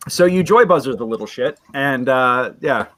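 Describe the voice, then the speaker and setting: Male game master, loose and chatty, mid-pitched voice, on a desk mic. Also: lively intonation, moderate pace, a bit bright. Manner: rambling, with many restarts and laughs. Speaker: dungeon master. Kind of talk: running a live tabletop game online.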